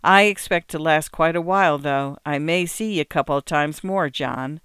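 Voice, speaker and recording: A man's voice: fairly high pitch, moderate pace, fairly bright tone, smooth, dry recording, studio quality, lightly acted. A man voicing a feeble, lonely old country man who speaks with a quavering voice in old-fashioned rural phrasing. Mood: weary. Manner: weary, patient, old-fashioned rural speech.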